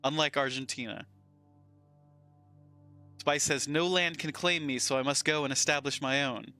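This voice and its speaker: A man's voice: a little high, steady tone, moderate pace, pushed and bright, clear, resonant tone, faint music behind. A man with a Southern US accent streaming a game, reading chat aloud and bantering playfully.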